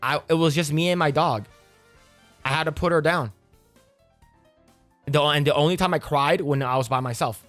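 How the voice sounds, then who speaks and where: A young man ranting in casual reaction commentary, profane and animated, sometimes quoting friends in put-on voices. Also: on the high side, moderate pace, long pauses, faint music behind.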